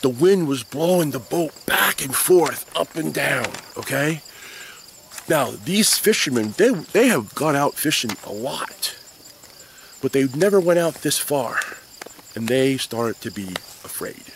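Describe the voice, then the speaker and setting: A man teaching Sunday school, telling a Bible story to children in an animated way and checking in with them. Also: a little high, unhurried, creaky, a little hiss or hum. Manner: animated storyteller who keeps checking in with the kids.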